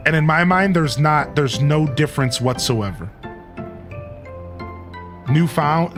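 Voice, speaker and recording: A man's voice: a little high, measured pace, pauses often, music in the background. A man from Ohio with a Midwestern accent, a streamer chatting playfully with his live chat while he plays, teasing and laughing often. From Ohio, USA.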